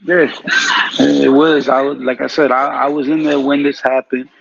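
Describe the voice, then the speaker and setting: A man's voice: mid-range voice, level tone, normal speed, creaky, husky, dry recording. A man talking as a guest in a casual, laid-back way. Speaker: guest, former member. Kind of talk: casual conversation. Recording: dull lo-fi audio.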